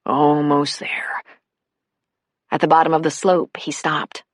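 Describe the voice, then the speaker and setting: Low-voiced woman narrating a novel. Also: level tone, fairly quick, husky, dry recording, clean studio sound. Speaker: audiobook narrator. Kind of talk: scripted narration.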